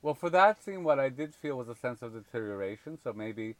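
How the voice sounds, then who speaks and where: A man's voice: mid-range voice, animated, fairly quick. A man in a casual film discussion, talking with many fillers and restarts. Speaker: film reviewer.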